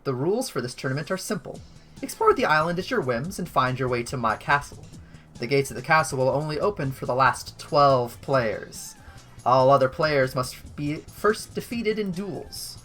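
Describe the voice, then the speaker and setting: A wealthy, theatrical hostess greets the players with grand, formal announcing, slow and loud at the start, as a game master puts her on. Faint music sits behind the voice. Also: deep voice, animated. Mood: grandiose. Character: grand wealthy woman tournament host, theatrical. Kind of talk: tabletop game character voice.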